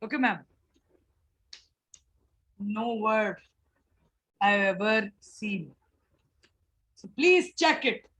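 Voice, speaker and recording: A woman, teaching a phonics workshop, explaining slowly and repeating sounds. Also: mid-range voice, animated, fairly bright tone, slightly rough, low-quality recording. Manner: slow, repetitive explaining with drawn-out sounds. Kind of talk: online phonics class for teachers.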